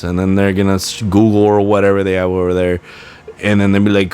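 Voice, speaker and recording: A man's voice: lowish voice, a little fast, clean tone. A man in his twenties hosting a casual solo podcast, rambling through tangents with a sarcastic edge. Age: 20s. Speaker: podcast host.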